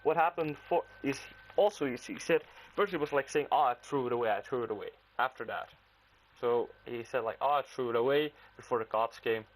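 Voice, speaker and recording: A man's voice: medium pitch, fairly quick, rough recording. A man with an Antwerp Flemish accent telling a casual storytime, rambling and packed with "like" and acted-out dialogue. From Belgium, Antwerp. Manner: rambling, full of "like" and quoted dialogue. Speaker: vlogger.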